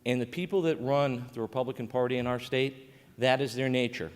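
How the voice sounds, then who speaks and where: A man's voice: medium pitch, fairly even intonation, brisk. A man giving a conversational conference panel talk as a state coordinator, with frequent fillers and restarts. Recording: reverberant conference hall.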